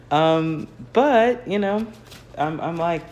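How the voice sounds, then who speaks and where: A woman's voice: deep voice, animated, normal speed, a little mellow, slight background noise. An American woman chats casually through a phone livestream while painting in her home garage. Her talk rambles, is full of fillers, and often breaks into laughter. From United States. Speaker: artist hosting a livestream. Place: home garage, early morning.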